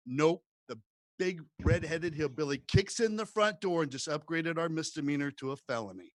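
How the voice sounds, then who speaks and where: Male stand-up storyteller, slightly high voice, dry close sound, lively acted-out quotes. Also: brisk, no room sound. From rural United States. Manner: animated storyteller who acts out shouted quotes. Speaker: comedian.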